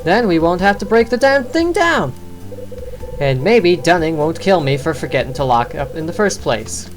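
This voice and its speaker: Woman doing excitable slangy hotel kid, voice jumps all over. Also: low voice, normal speed, music in the background. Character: excitable young male bellhop, slangy and jumpy.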